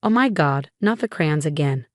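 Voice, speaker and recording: A woman voicing a snobbish adult sister-in-law whose lines are shrill and scornful. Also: animated, normal speed, no room sound, studio quality. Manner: scornful, complaining.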